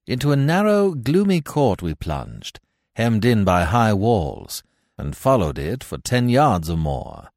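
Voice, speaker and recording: Deep, expressive male storyteller. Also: slow pace, no room sound, studio quality. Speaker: audiobook narrator. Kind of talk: scripted narration.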